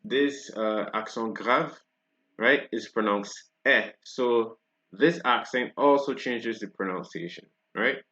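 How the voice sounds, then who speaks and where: A Barbadian man teaches a French pronunciation lesson, pausing after each point to ask "right?" His voice is medium-pitched and fairly bright, he takes his time, and the recording has its highs cut off.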